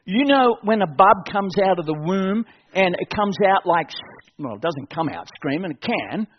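A man's voice: sits high, expressive, normal speed. A man preaching a fervent evening sermon at a church service, building to urgent appeals and repeating his key phrases. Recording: dull lo-fi sound.

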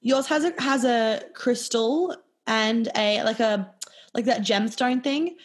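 A woman co-hosting a casual chat, talking fast and scattered, swearing and giggling often. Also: fairly high pitch. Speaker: podcast co-host.

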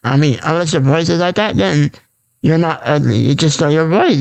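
A man hosts a raw, unscripted solo podcast, rambling, repeating himself, and restarting often amid lots of fillers. His voice is creaky and on the high side, at a normal speed.

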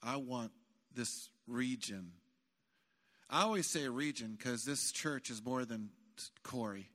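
A male pastor preaching a sermon in a church, animated and emphatic, building to shouts. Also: medium pitch, takes it slowly. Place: church sanctuary. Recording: long hall reverb.

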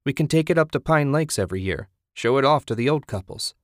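A man's voice: medium pitch, expressive, quick pace, no echo, studio quality, pitched above the performer's own voice, close to an everyday voice. A man reading the part of a stubborn husband who loves cars, enthusiastic and defensive in an audiobook. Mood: eager. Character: eager car-loving husband, stubborn.

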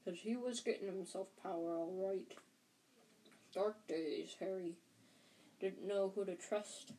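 A woman reading a storybook aloud, voicing a huge, gentle male groundskeeper who speaks low, halting and worried. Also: slight background noise, lightly acted, rough recording. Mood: grave.

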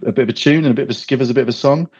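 A man's voice: mid-range voice, fairly even intonation, rapid-fire, a little mellow, breathy edge. A man hosting a podcast in casual chat, rambling and laughing easily. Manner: chatty, rambling, laughs often. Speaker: podcast host. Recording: dull lo-fi audio.

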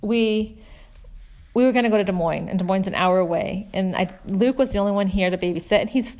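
A woman in her forties, a mother talking through a faith story and scripture lessons in a chatty, earnest way, softer when she reads verses. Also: mid-range voice, fast talker. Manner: chatty storytelling, warm earnest asides with soft laughs. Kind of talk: casual religious talk.

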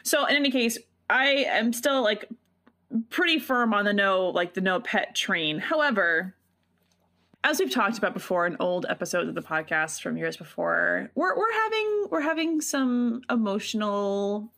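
A woman in her thirties co-hosting a podcast, chatting casually and telling rambling, animated stories. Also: mid-range voice, moderate pace, gravelly. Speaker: podcast co-host. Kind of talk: casual chat.

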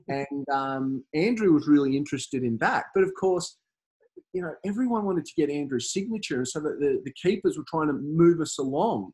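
A man in his thirties, a guest in a casual interview, talking in a halting way with many fillers and restarts. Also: fairly high pitch, mellow, slightly rough. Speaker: campaign organiser, guest.

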